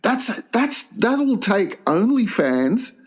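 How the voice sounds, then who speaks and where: A man's voice: high-pitched, sing-song, very slow. A man co-hosting a crude comedy podcast, firing off vulgar jokes and swearing often. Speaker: podcast co-host.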